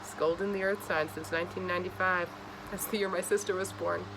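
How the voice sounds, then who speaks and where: A woman giving a casual astrology reading to camera, blunt, profane and scolding, with an animated delivery. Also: on the low side, brisk, noisy background. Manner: animated, acts out voices. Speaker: astrology reader.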